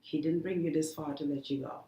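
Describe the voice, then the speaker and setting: Woman guest telling her story, earnest and halting, kinda roomy echo. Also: low-pitched, fairly even intonation, dark tone. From The Gambia. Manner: earnest, halting, many restarts. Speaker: guest, cancer survivor. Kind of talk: emotional interview talk. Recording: echoey room.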